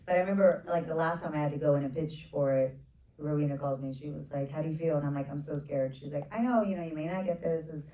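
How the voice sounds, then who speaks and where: A woman in her forties, a film director, telling stories at a casual onstage Q&A in a low voice. She slips in quick asides and acts out what others said. The sound is roomy, like a theater heard from a distance. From United States. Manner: animated storyteller, quick asides, acts out others with bursts of laughter. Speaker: film director answering questions. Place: theater stage with audience.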